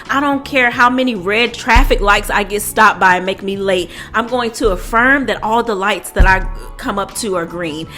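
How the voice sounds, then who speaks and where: A woman's voice: mid-range voice, bright, forceful tone. A woman coach giving casual advice to camera in an emphatic, repetitive and self-assured way. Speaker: manifestation coach.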